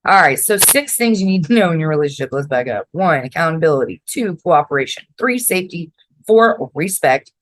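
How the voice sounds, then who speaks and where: A woman's voice: low voice, animated, fairly quick, no room sound, poor audio. A woman from Florida with a mix of New York and Southern accent, hosting a casual advice podcast in a blunt, direct way and swearing freely. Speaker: podcast host.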